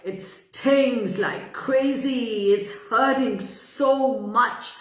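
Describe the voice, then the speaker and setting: A woman's voice: on the high side, extremely slow, reverberant, a little hiss or hum, pitched above the performer's own voice. A woman voicing a huge male lion in a storybook, sniffling and complaining about his pain.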